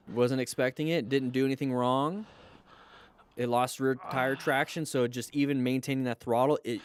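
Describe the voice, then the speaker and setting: A man hosting a live stream, reviewing motorcycle crash videos and coaching viewers with lively exclamations. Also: medium pitch.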